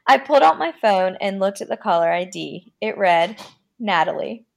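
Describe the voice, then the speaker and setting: A woman podcast host reading a horror story aloud, with a dramatic delivery that slows down for the creepy lines. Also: mid-range voice, animated, vocal fry, darkish tone.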